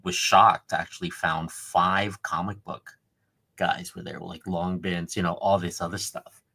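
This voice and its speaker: A man chatting on a video hangout, telling an animated story with frequent laughs. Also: low-pitched, unhurried, gravelly, husky. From Canada. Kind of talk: casual chat on a video hangout. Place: home, joined by video call.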